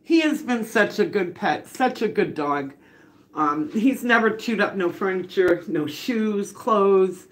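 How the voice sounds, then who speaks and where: A woman's voice: mid-range voice, expressive, takes it slowly. A middle-aged woman, chatting casually on a home livestream while baking and reading viewer comments aloud. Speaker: livestream host.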